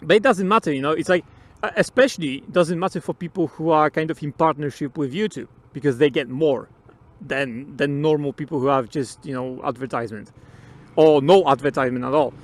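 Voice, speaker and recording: A man with a fairly high voice talks to the camera from a motorbike outdoors. He rambles through his opinions in a loose, casual way. He swears freely and laughs often as he goes. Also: a little fast. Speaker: motovlogger.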